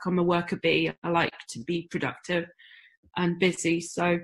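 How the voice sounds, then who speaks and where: A middle-aged woman from the UK, talking candidly as an interview guest, with self-deprecating humor. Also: lowish voice. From United Kingdom. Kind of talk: conversational interview.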